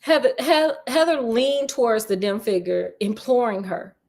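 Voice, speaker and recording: Her voice is a little high and a little slow, darkish in tone with vocal fry. As a storyteller, she reads a spooky children's book aloud and interrupts herself with sassy, laughing comedic asides.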